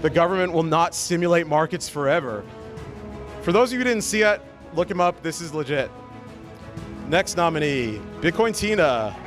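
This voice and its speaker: A man's voice: on the high side, expressive, normal speed, soft background music. A man hosting a joke awards show at a party, stammering a little as he jokes and reads out nominee quotes. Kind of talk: live awards presentation at a party. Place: after-party at a conference.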